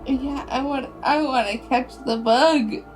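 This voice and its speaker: A woman's voice: high-pitched, takes it slowly, darkish tone, faint music behind. A woman playing a tabletop role-playing game, speaking in character in an eager, playful way. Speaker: player. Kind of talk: casual in-character chat.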